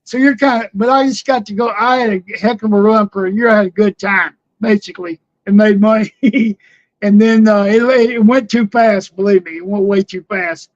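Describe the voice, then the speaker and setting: High-voiced older man spinning wrestling tales. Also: normal speed, no room sound, highs cut off. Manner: animated storyteller, laughs often, shouts out quoted lines. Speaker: retired pro wrestler, guest. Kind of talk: storytelling interview.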